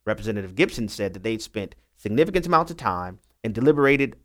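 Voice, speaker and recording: A man's voice: lowish voice, expressive, fast talker, fairly bright tone. A man speaking as a legal analyst guest on talk radio, earnest and emphatic in his explaining.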